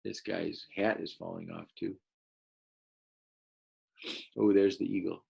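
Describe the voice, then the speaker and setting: A man teaching a first-grade class, reading a picture book aloud and gently encouraging the children to read along. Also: low voice, little pitch movement, slow, vocal fry, husky, muffled recording. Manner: gentle, encouraging, explains as he goes.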